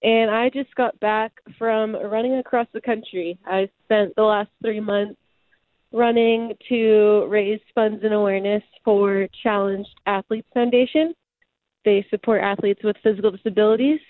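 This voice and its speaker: A woman's voice: medium pitch, no echo. Young woman on a tinny phone line. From California. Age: 20s. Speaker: guest. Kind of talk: casual phone interview. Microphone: phone call.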